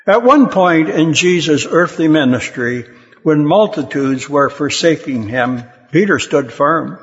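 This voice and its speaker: Preacher man with high voice, reverberant. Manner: dramatic storytelling, voicing quoted lines with emphasis. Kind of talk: sermon. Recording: long reverb, dull lo-fi sound.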